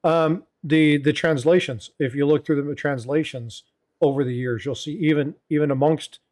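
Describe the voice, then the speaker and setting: Middle-aged male stream host, slightly high voice, loose and chatty, heavy on filler words. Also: steady tone, moderate pace, darkish tone. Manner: rambling, filler-heavy, reads viewer chat aloud. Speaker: livestream host. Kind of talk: casual panel chat.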